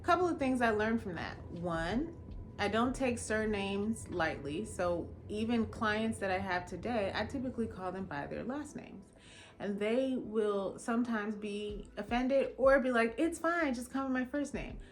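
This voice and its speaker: A woman who works as an attorney telling a personal story in a casual, animated way, with emphatic rhetorical questions. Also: mid-range voice, measured pace. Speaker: attorney and vlogger.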